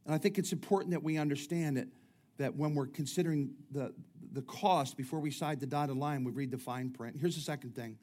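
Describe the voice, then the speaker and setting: A middle-aged man delivers a sermon in a conversational, joking way, often restarting his sentences. His voice sits a little high for a man. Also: brisk, warm tone. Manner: conversational preaching with humorous asides and frequent restarts. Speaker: pastor.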